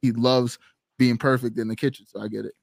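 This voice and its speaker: A man's voice: mid-range voice, level tone, a little fast, creaky, dry recording, studio quality. A man co-hosting a live stream, telling stories in casual chat with lots of fillers. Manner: rambling, filler-heavy storytelling. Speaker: co-host.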